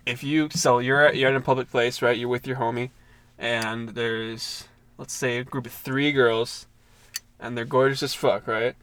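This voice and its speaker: Young guy on a podcast, chill and crude, laughs a lot, mid-pitch voice. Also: steady tone, normal speed, a bit bright, slight background noise. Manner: laid-back, crude, laughs often. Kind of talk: casual storytelling chat.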